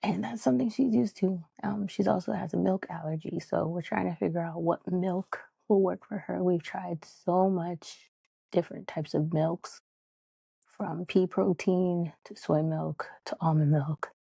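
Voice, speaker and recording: A woman's voice: lowish voice, vocal fry, warm tone, breathy edge, no room sound. A woman hosting a podcast, talking in a candid, heartfelt, rambling way with lots of fillers. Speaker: podcast host. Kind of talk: casual podcast monologue.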